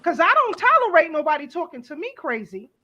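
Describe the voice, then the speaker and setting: A middle-aged woman hosts a casual panel talk in a very high, lively voice that swoops up and down. She is blunt and animated and swears freely. The audio sounds dull and lo-fi, like an online call. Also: brisk. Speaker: host.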